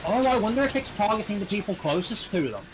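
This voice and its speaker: A man in casual gaming voice chat, calmly questioning his group and talking through mechanics. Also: high voice, fast. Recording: noisy background hiss.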